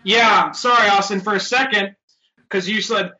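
Bright-toned man, rambling podcast co-host. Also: high voice, steady tone, normal speed. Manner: rambling storyteller, swears freely. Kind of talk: casual chat. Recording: dull lo-fi call audio.

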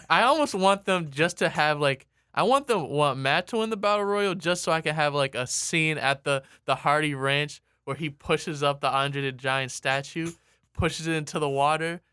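Man, casual rambling talker, bright and forceful tone, dry close sound. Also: a little high, moderate pace, clear, resonant tone, no echo. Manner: rambling, full of "like" and restarts. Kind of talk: casual chat.

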